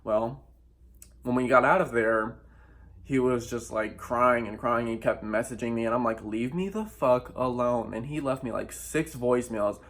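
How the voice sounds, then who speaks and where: A man's voice: mid-range voice, fairly even intonation, normal speed, a bit bright. Young man telling a candid storytime. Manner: candid and emphatic, swears often, acts out quoted lines. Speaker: vlogger. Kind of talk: personal storytime vlog.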